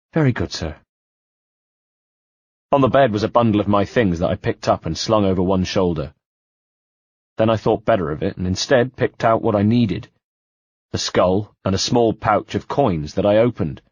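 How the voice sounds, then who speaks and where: Low husky male narrator. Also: normal speed, a little mellow, no echo. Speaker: audiobook narrator. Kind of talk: first-person audiobook narration. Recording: dull dry home-studio sound.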